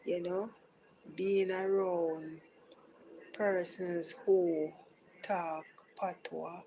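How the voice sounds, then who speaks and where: Slow-talking Jamaican woman, soft and low. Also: flat delivery, slight background noise, rough recording. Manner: slow, chatty, drops to soft near-whispers. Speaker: podcast host. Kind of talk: casual live podcast chat.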